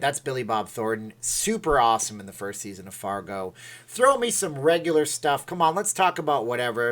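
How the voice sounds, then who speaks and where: A man's voice: lowish voice, a bit bright, slight background noise. A middle-aged man chatting casually on a livestream, playful and rambling, reading comments and laughing at himself. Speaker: livestream host.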